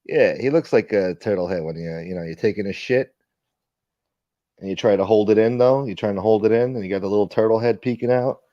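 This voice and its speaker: A man's voice: on the low side, fairly quick, mellow, no room sound, lo-fi sound. A man hosting a casual livestream, reading viewer comments aloud and telling stories in a profane, rambling way. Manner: profane, rambling, reads chat aloud, acts out quoted friends. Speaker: livestream host.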